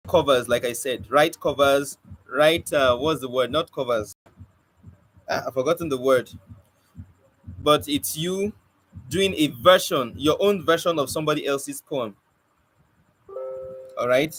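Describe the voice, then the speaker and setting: A man's voice: mid-range voice, takes it slowly, pauses often, fairly bright tone, poor audio. A man, giving an informal spoken lesson on poetry and often stopping to search for words. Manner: conversational, restarts and searches for words. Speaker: poetry teacher. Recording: faint background noise.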